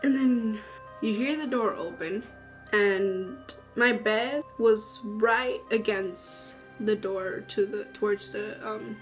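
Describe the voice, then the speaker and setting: A woman telling a story in a casual, slangy, animated way. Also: medium pitch, takes it slowly. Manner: chatty, slangy, animated retelling with acted-out quotes. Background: faint background music.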